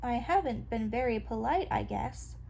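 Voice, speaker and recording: A woman's voice: on the high side, animated, moderate pace, gravelly, mellow, slightly rough, full character voice. A woman doing a chatty, eager little girl. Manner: talkative and eager.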